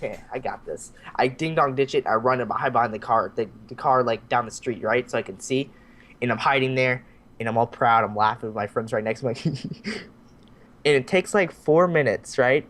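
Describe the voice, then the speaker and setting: A man's voice: medium pitch, moderate pace. A young man casually telling a story on a podcast, acting out the voices of the people in it and swearing freely. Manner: animated, acts out voices in his stories, swears freely. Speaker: podcast host.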